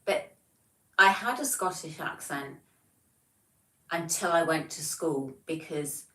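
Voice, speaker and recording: A woman's voice: low-pitched, lively intonation, slow pace, sharp tone, echoey room, recorded from a distance, rough recording. A woman in her forties with a Devon English accent, chatting casually on a livestream, reading out viewer comments in a chatty, self-deprecating way. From England. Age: 40s. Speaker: livestream host.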